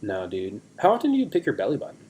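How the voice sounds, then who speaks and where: A man's voice: lowish voice, huge pitch swings, racing, husky. Young man rambling on a video call. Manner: rambling, self-deprecating, trails off quietly. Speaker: podcast co-host. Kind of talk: casual chat.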